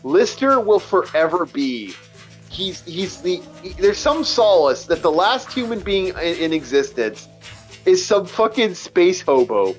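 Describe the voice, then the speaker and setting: Let's play host, man, higher voice, rambling and swearing, faint game music under him. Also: sing-song, unhurried. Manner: rambling, profane, stumbling restarts. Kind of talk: casual chat over gameplay.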